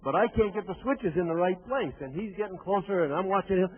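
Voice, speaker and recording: A man's voice: high-pitched, expressive, fast. A man in his sixties giving a motivational keynote, telling a first-person story vividly, with wry asides to the audience. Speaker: motivational speaker. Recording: tinny phone-like lo-fi recording.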